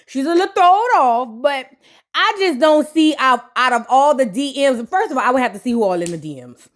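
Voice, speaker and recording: Sassy high-voiced woman reviewer. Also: fairly quick. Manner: sassy, gossipy, slangy and animated. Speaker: reality TV reviewer. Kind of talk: casual reaction commentary.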